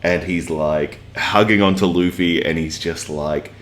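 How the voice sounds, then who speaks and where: Man, very low voice, casual rambling review, earnest and emotional, fillers everywhere. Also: fairly even intonation, unhurried, slight background noise. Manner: emotionally invested. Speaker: manga reviewer. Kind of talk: casual chat.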